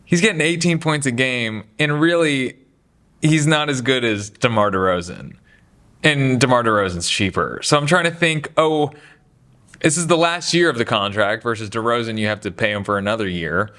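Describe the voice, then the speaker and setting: A man giving casual, opinionated basketball talk, chatty and animated, slipping into mocking voices for quotes. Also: medium pitch, normal speed. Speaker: basketball commentary host.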